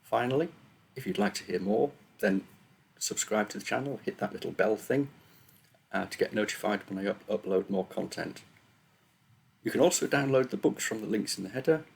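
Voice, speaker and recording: A man with a low, gravelly, slightly husky voice reads his own story aloud to a camera. He opens with nervous, self-deprecating chat before settling into steady narration. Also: normal speed. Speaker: author reading own book. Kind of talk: book reading on video.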